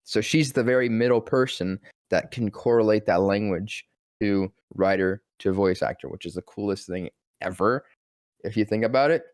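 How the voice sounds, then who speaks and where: A young man, a voice-actor guest, telling an animated story. He swears freely and acts out quotes in different voices. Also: fairly low pitch, normal speed, no echo, studio quality.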